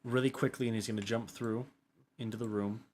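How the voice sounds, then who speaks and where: A man playing a tabletop game who talks in halting starts, with many ums and restarts. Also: mid-range voice, steady tone, darkish tone, slight background noise. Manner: hesitant, full of restarts and ums.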